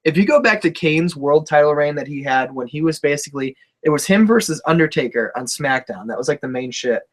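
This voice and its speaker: A young man holds court on a casual wrestling chat show. He talks in a laid-back, profane way and laughs often, with a voice pitched a little above the usual for a man. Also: animated, brisk. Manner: laid-back, swears freely, laughs a lot. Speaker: co-host of a wrestling talk show.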